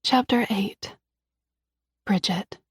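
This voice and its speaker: A woman's voice: medium pitch, extremely slow, slightly rough, no room sound, studio quality. A woman reading a first-person romance thriller audiobook, tense and dramatic, often dropping to a whisper. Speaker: audiobook narrator.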